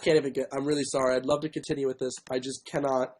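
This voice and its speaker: A man hosting a casual livestream, with a sore throat and frequent throat clearing, who mocks himself and keeps apologizing and giving up on songs. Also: medium pitch, level tone, racing, a little mellow, slight background noise. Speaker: livestream host. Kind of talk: casual livestream chat with ukulele. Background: faint ukulele strumming.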